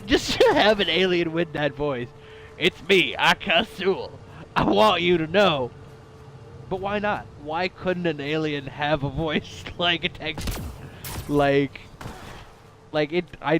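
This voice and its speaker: A man streams a video game in a slightly high voice, tossing out mock-dramatic jokes and frequent laughs. He speaks close to a desk microphone. A faint background noise sits under his casual commentary. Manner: playful and jokey, laughs often, mock-dramatic asides. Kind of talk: casual let's-play commentary.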